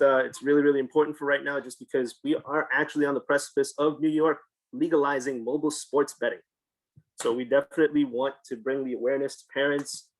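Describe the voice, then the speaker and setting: A man's voice: medium pitch, poor audio. Casual man presenting over a video call. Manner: casual, asks rhetorical questions. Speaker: community program team leader. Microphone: video call microphone.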